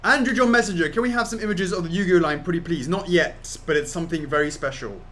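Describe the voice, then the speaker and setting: A man's voice: high-pitched, fast talker, pushed and bright. An English man co-hosting a casual livestream Q&A, reading out viewer questions in a chatty, jokey way. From England. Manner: chatty, jokey, laughs often. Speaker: co-host of a company Q&A stream.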